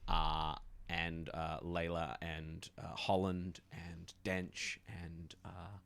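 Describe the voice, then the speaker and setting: A man's voice: sits low, extremely slow, vocal fry. A man narrating a tabletop role-playing game as game master, talking loosely with many fillers. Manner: relaxed narration with many fillers, jumps into character voices.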